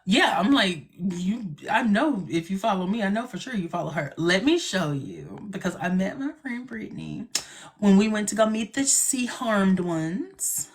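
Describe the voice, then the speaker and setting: A man's voice: high-pitched, very animated, normal speed. A man hosting a casual live stream, chatting and joking with a sarcastic edge.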